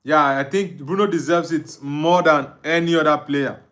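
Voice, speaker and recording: A man's voice: on the high side, steady tone, moderate pace, fairly bright tone. A young Nigerian man with an Igbo-accented English, hosting a live football watch-along, reading out viewer comments and answering them with frequent laughs. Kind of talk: live stream chat reading.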